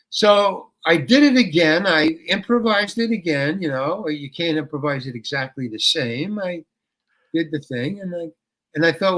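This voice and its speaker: An older man tells a story as an interview guest, bright and forceful in tone. He acts out each line of dialogue with lively energy and a bit of swearing. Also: on the high side, moderate pace. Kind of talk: storytelling anecdote.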